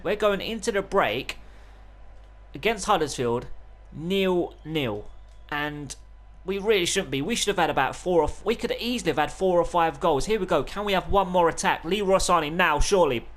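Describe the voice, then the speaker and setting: A young man giving live play-by-play commentary on a football video game, swinging between calm narration and loud, excited outbursts. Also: sits high, normal speed. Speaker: gaming YouTuber.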